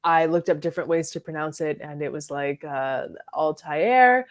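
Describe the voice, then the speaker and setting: A woman with a slightly low voice hosts a relaxed fragrance livestream. She chats loosely, greets viewers from the live chat and talks about perfumes in an easy, rambling way, full of little fillers. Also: a little fast. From Florida. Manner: chatty, reads and answers live chat, frequent likes and ums.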